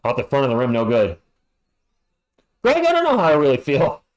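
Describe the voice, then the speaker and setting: A man's voice: mid-range voice, huge pitch swings, brisk. A man calling a basketball game live as a fan commentator, chatting and ranting between plays. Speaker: play-by-play commentator.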